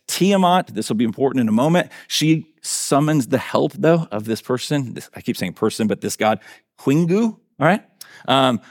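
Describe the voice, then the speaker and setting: A man's voice: lowish voice, no echo, studio quality. A male pastor preaching a conversational sermon in a church, often checking in with his listeners by asking "right?" and "okay?".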